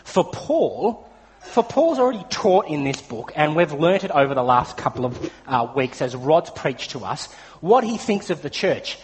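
A man's voice: on the high side, big pitch swings, measured pace. An Australian man preaching a sermon, telling a personal story in a chatty way with frequent fillers. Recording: long hall reverb.

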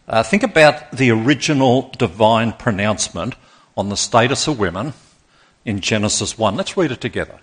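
A man's voice: mid-range voice, expressive, normal speed, fairly bright tone. A man preaching a sermon in a church auditorium, rousing and drawing in the congregation. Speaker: pastor.

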